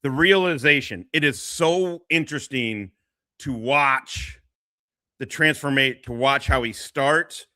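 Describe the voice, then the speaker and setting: Male streamer, crude and scattered reaction commentary, bright tone, dry close mic. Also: mid-range voice, slow pace, no room sound. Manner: rambling, crude, laughing often.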